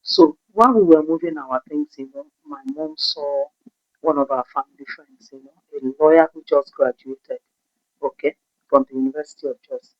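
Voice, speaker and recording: A Nigerian woman tells a personal story in a lively, expressive way. Her voice is fairly low and is heard dry and a little muffled, with no room sound. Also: normal speed, dry recording. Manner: animated storytelling, acting out the voices of others. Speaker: vlogger. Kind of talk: storytime narration. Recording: dull, dry recording.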